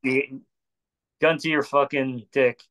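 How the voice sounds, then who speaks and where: Male host, unhurried, reacts with quick laughs and short quips. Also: mid-range voice, fairly even intonation, fairly bright tone. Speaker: podcast host. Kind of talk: casual chat.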